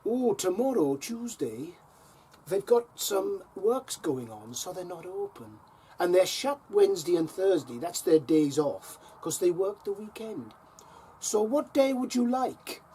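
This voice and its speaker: A woman's voice: fairly low pitch, very animated, unhurried, warm tone, slightly rough, pitched above the performer's own voice, heavily acted. A man putting on a lilting Welsh phone lady. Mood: cheerfully helpful. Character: cheerful chatty Welsh council phone lady.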